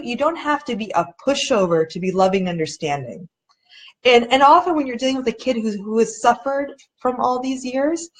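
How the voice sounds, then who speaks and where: A woman with a somewhat high voice hosts a casual live video chat. She speaks earnestly and conversationally, slipping into other people's voices when she quotes them. Now and then she stalls and restarts while searching for a word. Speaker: documentary director hosting a live chat.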